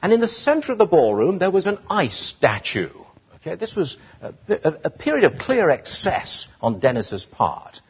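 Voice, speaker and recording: A man with a British accent giving an animated public speech to an audience, building to indignant emphasis. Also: high-pitched, normal speed, slightly rough. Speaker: speaker addressing an audience. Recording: dull lo-fi sound.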